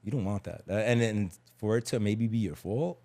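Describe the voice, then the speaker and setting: A middle-aged man with a lowish voice, speaking candidly in a podcast conversation. He is emphatic, drops street slang and repeats phrases for weight. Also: moderate pace, a little mellow. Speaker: podcast guest.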